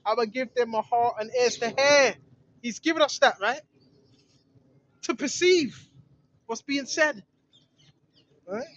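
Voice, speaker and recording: A man's voice: extremely high pitch, takes it slowly, long pauses, fairly bright tone, dull audio. A man preaching in an emphatic, rambling way outdoors in a hidden spot in the woods, often asking "right?". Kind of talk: outdoor religious vlog monologue.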